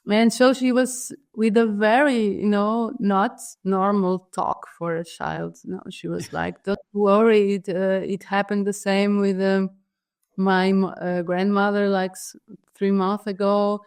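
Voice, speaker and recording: A woman with a Portuguese accent speaks in a smooth, clear voice. She tells her story thoughtfully and hesitantly, full of fillers and restarts as she searches for words in a second language. Her pitch sits in the middle for a woman. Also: little pitch movement, a little slow, a little mellow. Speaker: guest artist. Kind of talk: reflective storytelling in an interview.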